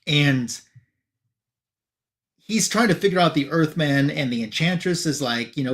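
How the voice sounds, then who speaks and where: A man casually summarizing a comic book issue for a review show, chatty with loose fillers and quick asides. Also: a little high, animated, a bit bright.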